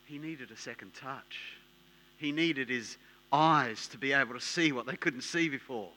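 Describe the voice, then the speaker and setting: A man preaching a sermon, emphatic and repetitive, dropping to a hush and rising to loud bursts. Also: mid-range voice, unhurried, a little hiss or hum. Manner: emphatic, repetitive, swings between hushed and loud.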